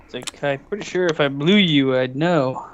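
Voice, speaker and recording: A man with a somewhat higher voice cracks teasing jokes and puns. His audio is muffled, with a faint hiss and clicks behind it. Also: moderate pace. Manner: jokey, teasing wordplay.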